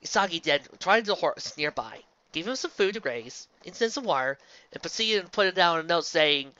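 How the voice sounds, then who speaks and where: Reading fanfiction aloud, a speaker from the Southern US keeps switching to sarcastic, exasperated rants. The medium-pitched voice is expressive, pushed, and bright at a normal speed, and the audio is dull with no echo.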